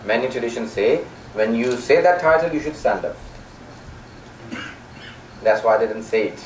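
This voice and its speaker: A man's voice: mid-range voice, animated, moderate pace, distant mic, a little hiss or hum. A man giving a religious lecture, telling stories with quoted dialogue and many fillers. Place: lecture hall. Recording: echoey hall, recorded from afar.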